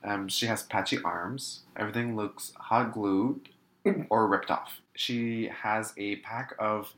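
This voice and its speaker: A man co-hosting a casual podcast, talking in a campy, gossipy way with quick asides. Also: on the low side, fairly even intonation, a bit bright, roomy sound. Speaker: podcast co-host. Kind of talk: casual chat reviewing a drag competition show.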